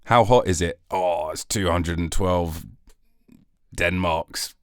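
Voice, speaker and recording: A man's voice: low-pitched, takes it slowly, clear, resonant tone, no room sound, studio quality. A British man hosting his own podcast, rambling through a jokey, sarcastic solo monologue. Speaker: podcast host.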